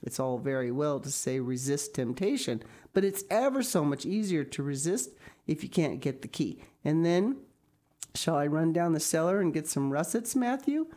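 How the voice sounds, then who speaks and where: A woman's voice: sits low, lively intonation, moderate pace, warm tone. A woman reading an audiobook, voicing an eager, talkative young girl who gushes. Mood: chattering. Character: chatty, imaginative young girl.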